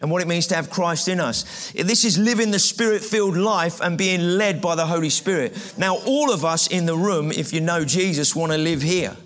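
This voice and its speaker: High-voiced man preaching. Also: moderate pace, few pauses, fairly bright tone. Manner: conversational, repeats phrases, asks the audience questions. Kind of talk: sermon. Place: room with a live audience.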